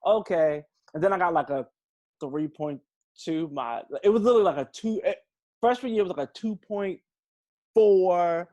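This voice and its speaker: A man's voice: high voice, lively intonation, moderate pace, a little mellow. A young man co-hosting a podcast, eager and profane as he tells stories. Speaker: podcast co-host. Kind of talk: casual chat.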